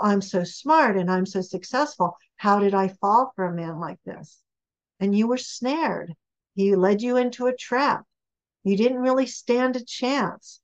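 Woman author guest talking love and relationships, punchy and animated, slightly muffled sound. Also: mid-range voice. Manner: emphatic, animated storytelling. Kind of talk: podcast interview.

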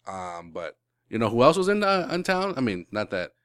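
A man co-hosting a sports podcast, talking in a rambling, animated way, swearing and restarting his sentences. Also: mid-range voice, moderate pace, clean tone, dry recording, clean studio sound. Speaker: podcast co-host. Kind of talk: casual sports podcast chat.

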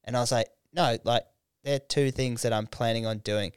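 A man's voice: medium pitch, normal speed, clear, resonant tone, no echo, clean studio sound. A young Australian man telling a long story on a casual podcast, swearing freely and quoting whole conversations. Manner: swearing, animated retelling with quoted dialogue. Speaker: podcast co-host.

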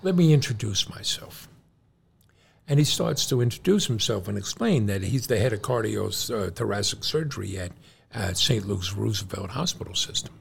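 A middle-aged man with a gravelly, low-set voice tells a story to his son, acting out the voices of the people in it. He leans into the quoted lines. There is a faint hiss under the recording. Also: normal speed. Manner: animated storyteller, acts out quoted doctors. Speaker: podcast co-host, John's father.

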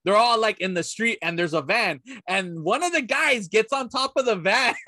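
A man in casual chat who tells scenes with animated energy and frequent swearing. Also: high-pitched, normal speed, no echo. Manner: animated storyteller, swears often, acts out scenes.

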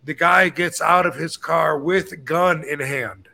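Male podcast host, 50s, slightly high bright voice, animated storyteller who acts out dialogue. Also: slow pace, vocal fry. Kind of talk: casual storytelling.

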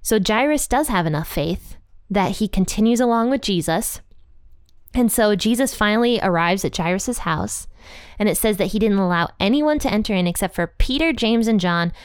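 A woman talks through a Bible passage in a relaxed, chatty way, full of "like" and "you know". Her voice is smooth and clear, and the recording is dry and close with no room sound. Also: medium pitch, moderate pace, no room sound. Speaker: Bible teacher. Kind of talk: casual Bible commentary.

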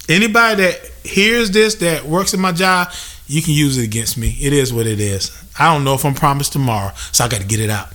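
A young man with a high, bright voice delivers a comedic venting rant on his podcast. He curses freely, stresses his points hard and slips into mimicry of customers. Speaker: podcast host.

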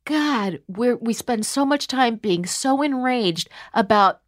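A woman's voice: fairly high pitch, lively intonation, takes it slowly, dry recording, clean studio sound. A woman hosting a podcast, talking in an impassioned, rambling way with many fillers and some swearing. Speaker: podcast host. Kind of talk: casual discussion. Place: New York.

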